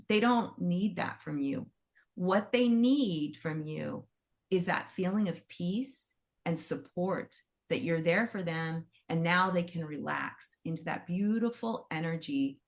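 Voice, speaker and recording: Woman teaching animal reiki, gentle and chatty, kinda low voice, rambles a bit. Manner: gentle, conversational, rambling with asides. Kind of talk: casual teaching talk.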